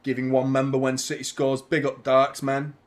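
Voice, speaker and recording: The host of a live football watchalong stream reacts to the match with casual talk and swearing, breaking into shouts at big chances. Otherwise his voice is medium-pitched and monotone, at a normal speed.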